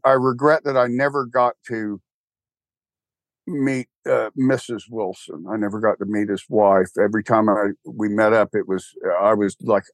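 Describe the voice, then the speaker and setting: A man's voice: fairly low pitch, no room sound. An older man with a Texan accent, rambling wryly in a casual interview chat, full of restarts and fillers. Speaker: guest, church co-founder.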